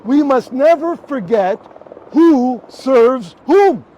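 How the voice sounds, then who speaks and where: High-voiced Canadian man giving a protest speech. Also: expressive, takes it slowly, mellow, a little hiss or hum. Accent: Canadian English. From Toronto, Canada. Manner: impassioned, emphatic, repeats rallying slogans. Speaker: rally speaker. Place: outdoors in front of a hospital.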